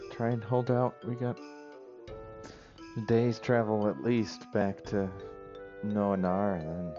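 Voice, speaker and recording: A man playing a tabletop game, speaking in a measured, deliberate way. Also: on the low side, steady tone. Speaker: player. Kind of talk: tabletop role-play. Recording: dull lo-fi audio with music behind.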